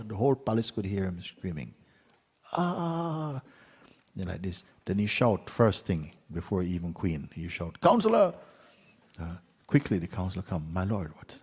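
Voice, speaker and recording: Deep-voiced man telling a fable in a hall. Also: slightly rough. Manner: unhurried telling with pauses, dips to a hushed whisper. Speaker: spiritual teacher. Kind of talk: storytelling talk to an audience.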